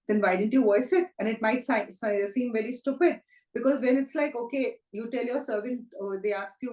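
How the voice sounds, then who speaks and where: Brief: woman, Reiki teacher, gentle rhetorical musing, slightly high voice, echoey room. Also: lively intonation, moderate pace. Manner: gentle, reflective, asks rhetorical questions. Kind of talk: conversational talk on self-help.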